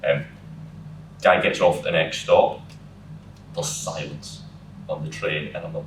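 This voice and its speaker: A young Scottish man co-hosting a podcast, telling a story in a lively, sweary way and acting out the people in it. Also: extremely low pitch, measured pace, pauses often, echoey room, far from the mic, noisy background. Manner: animated, swearing, acts out quoted people. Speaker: podcast co-host. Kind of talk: casual storytelling chat.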